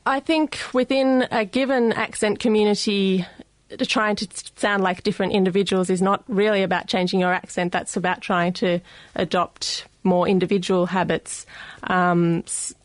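A woman with an Australian accent, a guest expert, explaining in a radio studio in a measured way with frequent filler pauses. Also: medium pitch, flat delivery, dry recording.

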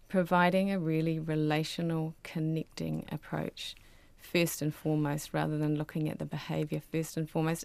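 A woman's voice: deep voice, creaky, no room sound. A woman speaking as a guest expert on raising children, explaining earnestly in an interview. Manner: earnest, explanatory, softens into quiet voices when quoting parents. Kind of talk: interview answers.

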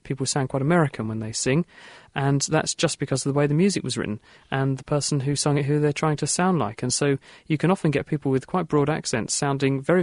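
A man presenting a radio science show, explaining things in a clear, chatty way. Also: a little high, a little mellow, no room sound, studio quality.

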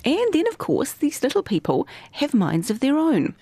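A woman hosting and narrating a podcast in a measured, scripted way. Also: sits high, wildly swooping pitch, dark tone, dry recording. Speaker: host narrator.

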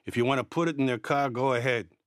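A man's voice: mid-range voice, quick pace, no room sound, clean studio sound, close to an everyday voice. A man voicing a drunk, bearded man in his thirties who leers and mocks with sneering swagger. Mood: leering.

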